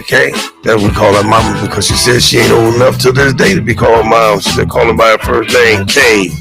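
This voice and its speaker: A middle-aged man hosting a live stream, loudly giving shout-outs to his family and telling stories in a casual way. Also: fairly low pitch, creaky, low-quality recording. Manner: loud, animated, calls out family names. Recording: loud music playing over the voice.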